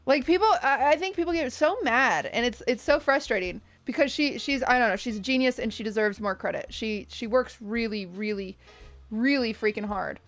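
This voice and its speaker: A woman's voice: a little high, moderate pace, a bit bright, faint music behind. A young woman streamer giving casual, rambling commentary while reacting to a video with her chat. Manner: chatty, rambling with restarts and asides to chat.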